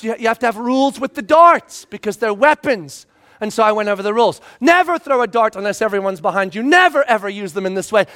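A middle-aged male pastor delivers a sermon in a strikingly high voice. He tells family stories with energy, acting out the voices and raising to a shout for emphasis. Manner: animated storytelling, acts out voices and shouts for effect.

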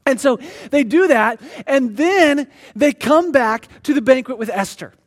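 A man preaching a sermon, animatedly retelling a scripture story and reading passages aloud in a slower, quieter voice. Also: very high voice. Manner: animated storyteller who acts out the characters.

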